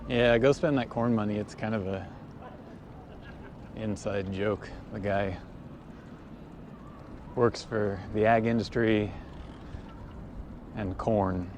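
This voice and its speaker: A man's voice: on the low side, steady tone, takes it slowly, pauses often, a little mellow, slight background noise. A man livestreaming while riding a cargo bike outdoors, chatting in a joking, easygoing way. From United States. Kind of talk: casual livestream chat. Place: outdoors on a city bike path in wind. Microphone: camera mounted on a cargo bike.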